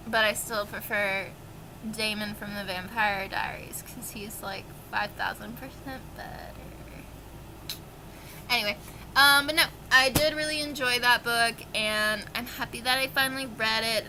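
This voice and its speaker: Brief: young woman book vlogger, bright and a little high, excitable and gushing, dry throat. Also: slight background noise, rough recording. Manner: gushing, excitable, swears casually. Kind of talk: casual monthly reading wrap-up.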